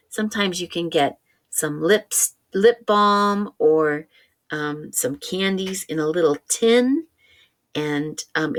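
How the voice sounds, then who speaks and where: A woman teaching a reading lesson to young children. She sounds out vowels and stretches words slowly, and she speaks patiently and encouragingly to a child. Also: on the low side.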